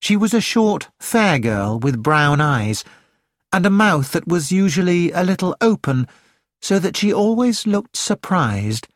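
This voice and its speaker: An audiobook narrator reading at a slow, unhurried pace. The voice is close and dry, with a middle pitch and no room sound. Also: sing-song, no echo. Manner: measured, plain storytelling. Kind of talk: scripted narration.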